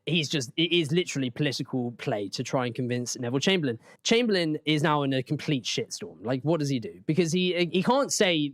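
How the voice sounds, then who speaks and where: A man's voice: fairly high pitch, expressive, fairly quick, hardly any pauses, no echo, studio quality. A man co-hosting a comedic history podcast, narrating playfully and laughing often. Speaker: podcast co-host.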